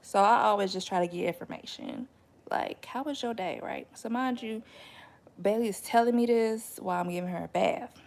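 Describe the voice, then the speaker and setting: A young woman, a mother, casually telling her viewers a story in a chatty, animated way, often laughing and jumping up high when she quotes. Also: normal speed, vocal fry. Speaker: vlogger and mother.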